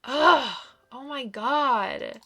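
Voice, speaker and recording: A woman's voice: high voice, drawn-out words, pushed and bright, husky. A woman commenting on her visual novel playthrough, exasperated and exclaiming often. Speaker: let's play gamer.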